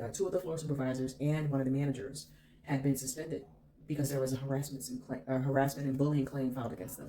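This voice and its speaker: A woman's voice: rumbling low, dark tone. A woman vlogger telling a personal story in an emphatic, candid way, swearing freely.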